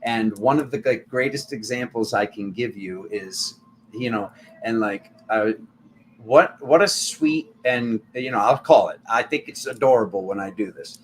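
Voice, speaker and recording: A man hosting a tarot channel, giving a casual spiritual talk in a rambling, animated way full of restarts and fillers. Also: lowish voice, a little slow, slight background noise.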